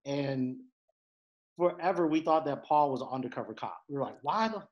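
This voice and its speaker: A man in his thirties from Detroit, a guest on a podcast, telling stories in a lively, animated way and acting out the voices of the people in them. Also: mid-range voice, normal speed, highs cut off. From Detroit, USA. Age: 30s. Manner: animated storyteller, acts out quoted voices. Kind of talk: casual conversation, storytelling.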